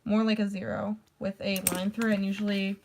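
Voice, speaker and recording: A young woman chatting casually to camera in a middle-pitched voice. She rambles, stacks "like" fillers and swears offhandedly. Her delivery is loose and conversational. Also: flat delivery, brisk, creaky, a little mellow. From United States. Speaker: vlogger. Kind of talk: casual rant.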